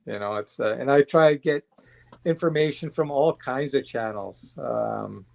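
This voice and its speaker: A man's voice: medium pitch, a little slow, vocal fry, darkish tone. A man chatting as a guest on a livestream, blunt and rambling, swearing freely. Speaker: guest watch collector. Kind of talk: casual livestream chat.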